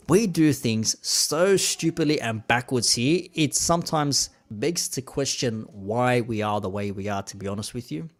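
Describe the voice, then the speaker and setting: A man's voice: medium pitch, a little slow. A man in his thirties with an Australian accent, hosting a laid-back, rambling live-stream chat in plain slang.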